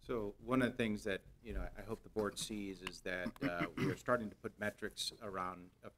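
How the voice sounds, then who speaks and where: A man's voice: on the low side, fairly even intonation, moderate pace, a bit bright, slight background noise. A man speaking as a company executive to the board, earnest, with repeated words and hesitant fillers. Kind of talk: formal business remarks.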